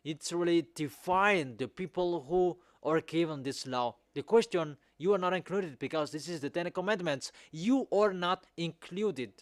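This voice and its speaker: A man preaching a sermon in non-native English, repeating his points with emphasis and rising to loud exhortation. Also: fairly high pitch, moderate pace, few pauses, dry recording, studio quality.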